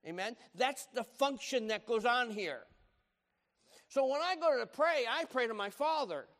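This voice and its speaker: A middle-aged man preaching a sermon, swinging from loud, animated emphasis to hushed, low tones. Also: measured pace, big-room sound. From United States. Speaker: pastor.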